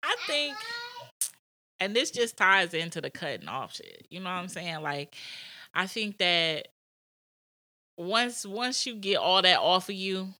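A woman's voice: fairly low pitch, sing-song, measured pace, long pauses, bright, forceful tone, no room sound, studio quality. A young woman co-hosting a podcast, talking reflectively and frankly in casual chat. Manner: reflective, frank, laughing asides. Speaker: podcast co-host.

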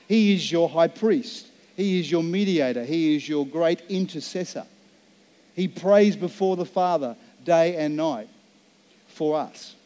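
A man preaching as a pastor, telling a personal story in an earnest, slow and emphatic way, in a church setting. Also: on the high side, mellow. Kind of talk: sermon.

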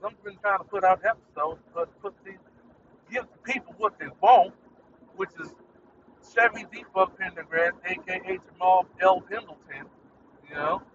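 A man's voice: sits high, moderate pace, far from the mic, dull audio, background noise. A man hosting his own podcast, ranting in a rambling, irritated, profane way. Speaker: podcast host. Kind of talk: casual solo rant.

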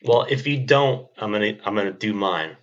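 A man's voice: fairly low pitch, moderate pace, lo-fi sound. A man co-hosting a podcast, chatting in a laid-back way with crude jokes. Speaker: podcast co-host. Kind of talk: casual chat.

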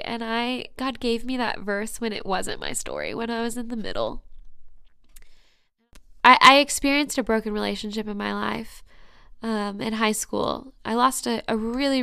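Earnest young woman with a gravelly edge. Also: on the high side, pushed and bright, dry recording, clean studio sound. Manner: earnest and emotional, often dropping to a whisper. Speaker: podcast host. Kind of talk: personal faith podcast monologue.

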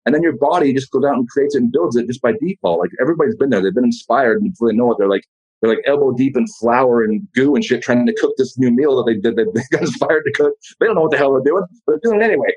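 A man as a podcast guest in casual motivational talk, blunt and profane, telling animated stories. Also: medium pitch, very fast, husky, poor audio.

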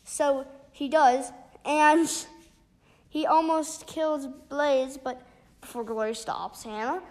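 High-voiced woman recapping a book haltingly. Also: fairly even intonation, a little mellow. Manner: halting, many restarts and fillers. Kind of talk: casual spoken book recap.

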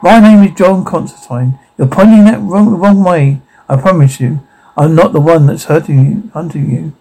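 A jaded occult investigator, dry and blunt, mellow tone, slightly high. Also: male voice, normal speed, rough recording. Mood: warning. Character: cynical, streetwise male occult investigator.

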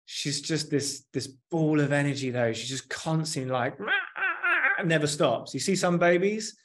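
A man in his thirties with a slightly high voice speaks at a moderate pace. He's likely a therapist or coach, talking candidly and reflectively in a conversational interview and often saying "like" and "you know."

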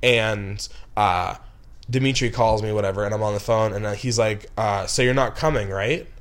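A man's voice: fairly low pitch, normal speed. A young man who directs films, telling a long story in casual chat, rambling with lots of "like" and restarts and flaring into angry bursts. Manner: rambling, heavy with "like" and restarts, flares into angry outbursts. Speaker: film director.

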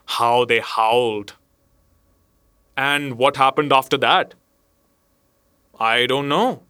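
A man reading a story aloud as narrator, in a measured storytelling manner. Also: mid-range voice, steady tone, bright, forceful tone, smooth, no room sound, studio quality. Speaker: audiobook narrator. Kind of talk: scripted narration.

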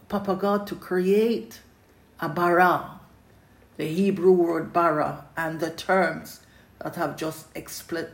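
Slow gravelly preacher, earnest, repeats himself a lot, goes soft and hushed, echoey room. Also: medium pitch. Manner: earnest, repetitive, often dropping to a hushed, intimate tone. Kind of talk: sermon.

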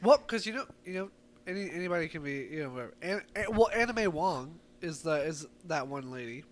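A man's voice: a little high, animated, brisk, a little hiss or hum. A man co-hosting a casual podcast at home, rambling and swearing, laughing often and tripping over words. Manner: rambling, profane, laughs a lot, stumbles on words. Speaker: podcast co-host. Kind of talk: casual chat. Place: home, indoors. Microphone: podcast mic.

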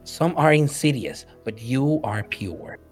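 A man's voice: medium pitch, lively intonation, takes it slowly, faint music behind. A man narrating a tabletop game as game master, hesitant and full of fillers.

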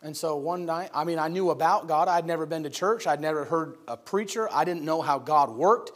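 A middle-aged man from upstate New York preaching and telling personal stories, acting out the voices in them with loud shouts and dropping to a soft low tone for serious moments. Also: fairly quick. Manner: animated, acts out voices of people in his story with loud high shouts. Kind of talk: sermon storytelling.

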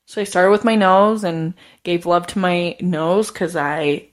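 A podcast host, this woman speaks with a lowish voice at a slightly slow pace. She tells a personal story in a casual, chatty way, packing her sentences with "like" and laughing often.

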